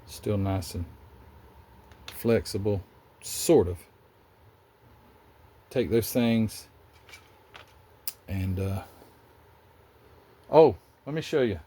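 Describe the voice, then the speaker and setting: A man's voice: lowish voice, expressive, very slow, long pauses, mellow, breathy edge. A man with a Southern US accent, hosting a casual, rambling chat about model car building in his hobby workshop. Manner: rambling, chatty, self-interrupting.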